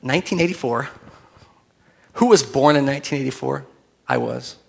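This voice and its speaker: A man's voice: mid-range voice, moderate pace, gravelly, a little mellow. A man preaching a sermon as pastor, conversational and joking, building to emphatic points.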